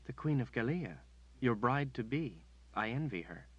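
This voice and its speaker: A man voicing a demure, flattering noblewoman in an audiobook, speaking softly in a slightly raised voice. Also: mid-range voice, moderate pace, breathy edge, no echo, dull audio, pitched above the performer's own voice.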